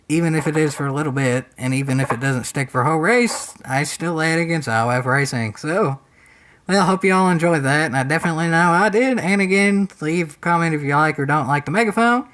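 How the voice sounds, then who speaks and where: A man's voice: a little high, fairly bright tone, rough recording. A man with a Southern US country accent giving casual, rambling commentary over a racing game, folksy and full of "y'all" and "ain't".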